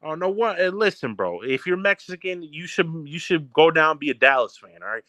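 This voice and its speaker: A young man trash-talks with brash, mocking energy in heated sports banter. His voice sits a little high. The sound is dry and close, with no room around it. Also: very animated, a little fast, sharp tone, no room sound. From Baltimore, Maryland. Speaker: podcast co-host.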